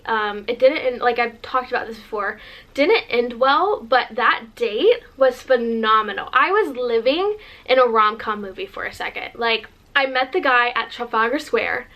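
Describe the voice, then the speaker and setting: A woman's voice: a little high, highs cut off. A woman in her twenties from the United States tells a story to camera in a casual, gushing way, full of fillers. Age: 20s. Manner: gushing, animated, lots of fillers. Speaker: vlogger.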